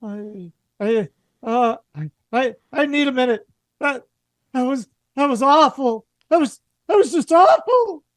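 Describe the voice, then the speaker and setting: A shaken passenger sobs and stammers, the voice pushed high and trembling, as a man puts it on. Every phrase breaks with whimpering panic over a dry, close mic. It is a tabletop horror game scene. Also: expressive, unhurried, dry recording. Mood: shaken, pleading.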